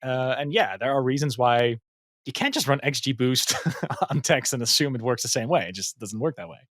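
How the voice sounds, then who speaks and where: With a medium-pitched, fairly bright and animated voice at normal speed, this man is a machine learning engineer guesting on a laid-back podcast. He explains things thoughtfully yet hesitantly, constantly restarting and filling gaps with ums and likes. The studio-quality recording is dry.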